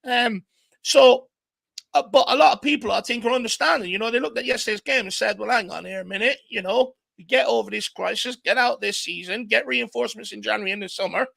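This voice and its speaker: An Irish man hosts a live fan stream, chatty and easygoing as he reads out viewer messages. His voice sits high and bright. The sound is close and dry. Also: a little fast, gravelly, no echo. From Ireland. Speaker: fan show host. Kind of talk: casual live-stream chat.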